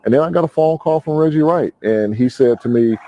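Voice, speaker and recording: A man recounting events in an interview clip, speaking in a measured, hesitant way with frequent ums. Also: on the high side, highs cut off.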